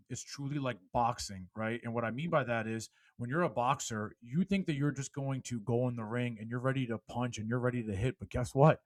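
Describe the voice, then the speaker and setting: Emphatic middle-aged man, motivational guest, dry close podcast mic, mid-pitch voice. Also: dry recording, poor audio. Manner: emphatic, preachy, rising to loud exhortation. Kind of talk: impassioned storytelling.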